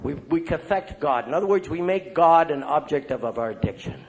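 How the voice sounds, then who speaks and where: An older man, a priest speaking at a recovery meeting, telling lively stories and checking in with the crowd as he goes. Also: fairly high pitch, a little fast. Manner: lively storyteller, acting out quoted voices. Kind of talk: recovery meeting talk to an audience.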